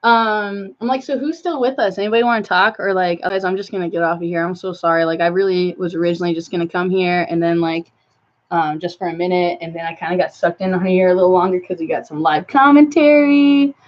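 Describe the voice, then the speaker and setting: A woman's voice: on the low side, steady tone, quick pace. A woman talking casually to viewers on a live stream, rambling with many fillers and asides. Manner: rambling, filler-heavy, talks to viewers and her cat. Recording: slightly dull lo-fi stream audio.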